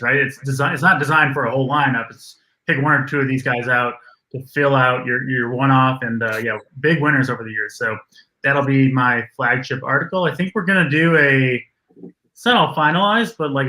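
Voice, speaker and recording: A man with a bright, forceful tone, talking in a laid-back, halting way full of "uh." His voice rings in a roomy, echoey space. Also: mid-range voice. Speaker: fantasy sports writer. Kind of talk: casual chat.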